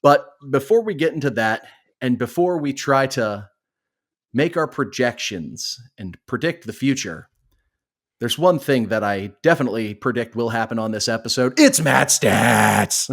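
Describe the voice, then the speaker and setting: A man hosting a casual sports podcast, joking with co-hosts and reading a sponsor ad in a brisk, steady way. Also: medium pitch. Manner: jokey, reads ad copy at a brisk steady clip. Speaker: podcast host.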